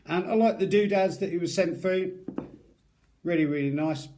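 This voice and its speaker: A man's voice: high voice, moderate pace, warm tone, slight background noise. A man talking casually to camera as a product reviewer, chatty and self-deprecating, rambling between asides.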